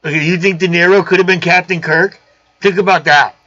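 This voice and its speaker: A man's voice: sits high, steady tone, a little fast, bright, forceful tone, muffled recording. A man hosting a live show, chatting casually and riffing jokingly on old movies. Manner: rambling, jokey riffs on old movies. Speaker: host of a live aquarium show. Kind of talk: casual chat.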